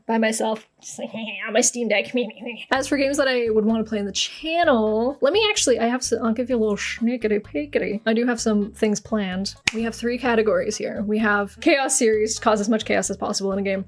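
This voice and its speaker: Bubbly, laughing young woman vlogger. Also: a little high. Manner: bubbly, laughing, self-mocking asides. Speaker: YouTuber host. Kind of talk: casual Q&A chat to camera.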